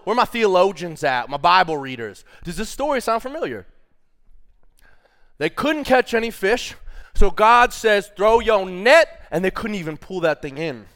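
Male pastor, smooth clear voice on the higher side, casual playful sermon delivery. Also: fairly bright tone. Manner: casual and playful, addressing the congregation as y'all.

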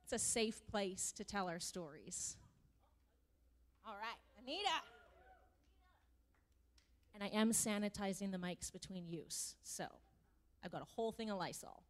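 A woman's voice: mid-range voice, unhurried, long pauses. A woman who teaches worship dance, telling a story at a church sharing time and acting out the voices of the people in it. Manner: animated storytelling, acts out voices in quotes. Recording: long reverb of a large room.

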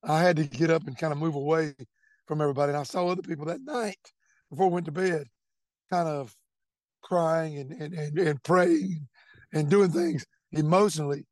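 A man's voice: on the high side, animated, normal speed, darkish tone, dry recording. A middle-aged man, earnestly telling his faith testimony and repeating words as he goes. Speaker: testimony speaker. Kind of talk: personal testimony storytelling.

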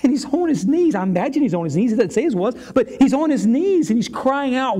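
Fervent high-voiced male preacher. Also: very animated. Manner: dramatic retelling with long pauses, swinging from loud and fervent to hushed whispers. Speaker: pastor. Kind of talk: sermon.

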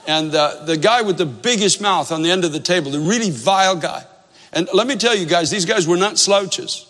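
Pastor, male, high voice, earnest storyteller, echoing sanctuary. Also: normal speed, fairly bright tone. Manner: earnest storytelling, repeats phrases for emphasis. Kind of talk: sermon with storytelling.

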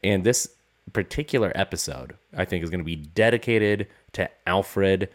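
A man with a cold and a sick-sounding voice, hosting a casual solo podcast in a relaxed, rambling way. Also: low voice, normal speed. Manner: relaxed, rambling, with fillers and restarts. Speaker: podcast host.

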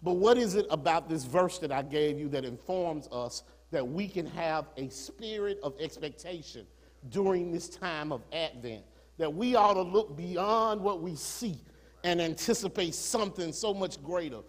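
A pastor delivers a sermon in a church, his fairly high voice ringing with a long hall reverb. He starts in an easy, conversational register and climbs into fervent, rising preaching. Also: lively intonation, normal speed. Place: church sanctuary.

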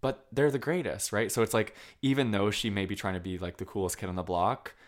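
Chatty man from Vermont, lowish voice. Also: quick pace. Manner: animated, many fillers, acts out quoted lines. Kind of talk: casual film discussion.

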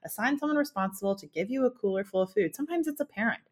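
A woman co-hosting a casual wedding-advice chat, friendly and quick to laugh as she gives direct, practical tips. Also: medium pitch, lively intonation. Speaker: podcast co-host, wedding planner.

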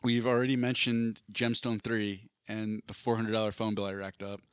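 A man's voice: lowish voice, level tone, moderate pace, smooth, no echo, clean studio sound. A man co-hosting a podcast in casual chat, rambling through stories with a self-deprecating, jokey manner. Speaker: podcast co-host.

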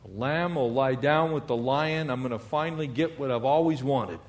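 A male pastor preaching a lively sermon, asking the congregation for amens and mixing in jokes. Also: medium pitch, moderate pace.

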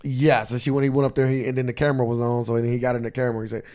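A man co-hosting a casual podcast, ranting and swearing freely, his voice jumping up high and loud when he gets heated. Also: flat delivery, very fast. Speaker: podcast co-host.

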